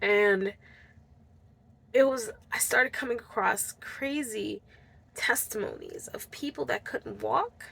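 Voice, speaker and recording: Earnest bright-voiced woman telling a story. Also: mid-range voice, wildly swooping pitch, takes it slowly, creaky, slightly rough. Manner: earnest, heartfelt, addresses viewers as guys. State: tearful at times. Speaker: vlogger. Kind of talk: personal story to camera.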